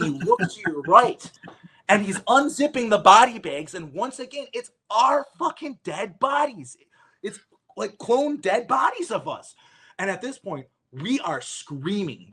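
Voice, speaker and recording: A man talking as an interview guest, telling a story in an animated, rambling way with lots of swearing. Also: high-pitched, normal speed, husky. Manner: animated, profane, rambling with restarts.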